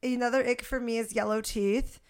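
A woman's voice: on the high side, steady tone, brisk, clear, resonant tone. A young woman co-hosting a podcast in casual chat, talking bluntly and frankly with a lot of swearing. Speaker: podcast co-host.

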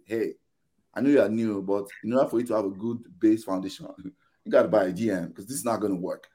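A man on a podcast panel in casual chat, ranting animatedly and acting out both sides of arguments. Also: medium pitch. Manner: animated, exasperated ranting with quoted back-and-forth.

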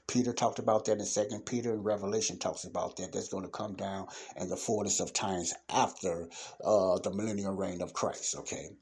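A man's voice: on the low side, darkish tone, husky. A man preaching an informal Bible lesson, reading verses aloud and then explaining them in everyday speech with emphatic bursts. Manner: emphatic bursts and sudden exclamations.

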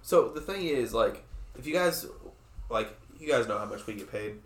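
A man's voice: mid-range voice, expressive, moderate pace, reverberant, a little hiss or hum. A man in his twenties hosting a casual podcast chat, laughing often and swearing freely. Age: 20s. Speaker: podcast host.

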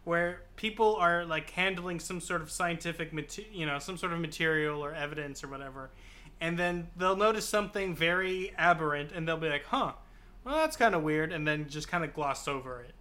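A man's voice: fairly high pitch, a little fast, pushed and bright. A man co-hosting a casual book podcast, thoughtful and hesitant, often restarting his phrases. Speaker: podcast co-host.

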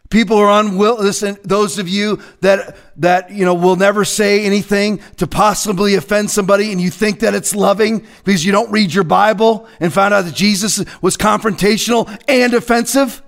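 A man preaching as a pastor in a fiery, confrontational rant, swinging between shouting and hushed asides. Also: high voice, normal speed.

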